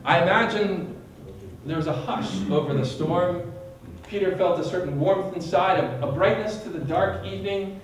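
A man's voice: sits high, normal speed, a little hiss or hum. A man leading a Bible study, teaching in a sermon style, retelling vividly and quizzing his listeners by name. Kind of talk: teaching sermon with questions to a group. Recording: echoey room from far off.

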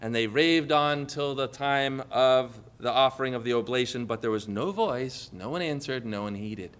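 A man's voice: medium pitch, normal speed, clean tone. A middle-aged male pastor preaching a sermon, retelling scripture dramatically and asking the congregation rhetorical questions. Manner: dramatic scripture retelling with sudden loud cries.

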